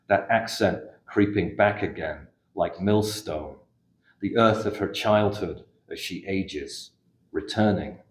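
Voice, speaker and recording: A middle-aged English poet reads his poems in a café, his low voice unhurried and measured. Between poems he offers hesitant spoken asides, and the recording has an echoey room sound.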